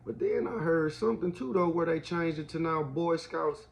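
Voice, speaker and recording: A man's voice: fairly high pitch, moderate pace, vocal fry. A man, rambling casually with lots of slang and a slight cough. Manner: laid-back, slangy, says man and bro a lot. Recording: dull lo-fi audio.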